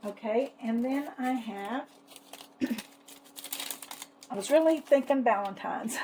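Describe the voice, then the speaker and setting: A woman chatting casually as she shows off her savings challenges, fond and unhurried, with lots of little fillers. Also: on the high side, a little mellow, a little hiss or hum, rough recording. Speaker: savings challenge seller and vlogger. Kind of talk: casual product show-and-tell.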